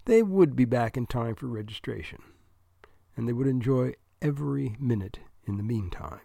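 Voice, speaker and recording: A male narrator reads a comic story with a wry, deadpan humor and small asides to the listener. His voice sits at an ordinary middle pitch. The recording is very dry and close, with no room sound. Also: moderate pace, vocal fry, no room sound. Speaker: audiobook narrator.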